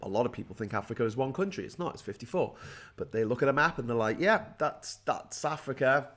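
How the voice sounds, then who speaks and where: A man's voice: mid-range voice, lively intonation, racing, fairly bright tone. A man in his forties hosting a ranting political commentary, angry and sarcastic, who swears a lot and often stumbles over repeated words. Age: 40s. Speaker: host.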